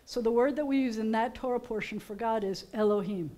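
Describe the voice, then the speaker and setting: A woman's voice: a little high, fairly quick, mellow. Chatty woman rabbi teaching Hebrew. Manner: chatty, playful teacher, many ums. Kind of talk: teaching Hebrew letters at a service. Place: synagogue sanctuary.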